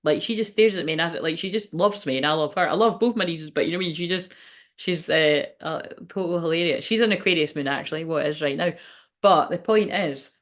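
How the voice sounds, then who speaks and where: A woman's voice: low voice, a little fast. A woman who works as a spiritual medium, rambling chattily and emotionally on a live stream and laughing often. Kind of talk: casual live-stream chat.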